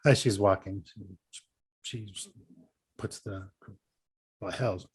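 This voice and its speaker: A man playing a tabletop game, speaking in a relaxed, low-key way. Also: slow pace, slightly rough. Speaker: player.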